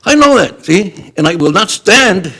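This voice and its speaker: A man's voice: high-pitched, sing-song, a little slow, pushed and bright. An older man speaking in public comment at a school board meeting, upset and emphatic, apologizing for speaking so strongly and running out of breath.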